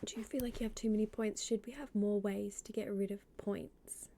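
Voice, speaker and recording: Woman streamer, mellow tone, chatty, greets chat, drifts into half-whispers. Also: mid-range voice, fairly even intonation, brisk, creaky, a little hiss or hum. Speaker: live streamer. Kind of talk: casual live-stream chat.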